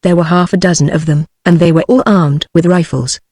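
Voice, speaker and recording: A woman's voice: fairly low pitch, fairly quick, dry recording, clean studio sound. A text-to-speech voice of a woman with a British English accent narrating an adventure novel as an audiobook. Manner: even synthetic reading.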